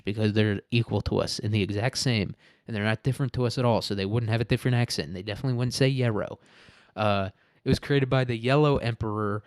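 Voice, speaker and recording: A man's voice: fairly low pitch, smooth, dry recording. A man hosting a podcast, talking through his topic in a rambling, joking way and swearing freely. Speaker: podcast host. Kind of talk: casual podcast monologue.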